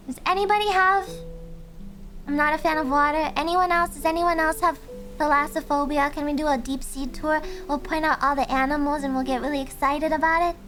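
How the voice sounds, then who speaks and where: Young woman streamer, very high soft voice, giggly, chatty, faint music underneath. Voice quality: high voice, speaking softly. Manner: giggly, chatty, reads chat aloud. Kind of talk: casual chat with viewers. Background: faint background music.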